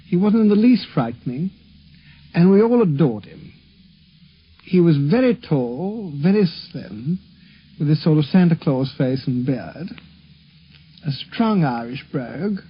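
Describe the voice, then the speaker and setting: Man, slightly high voice, husky, amused measured storyteller; dull old broadcast. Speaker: interviewee reminiscing. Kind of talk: spoken recollection. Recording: lo-fi 1950s radio recording.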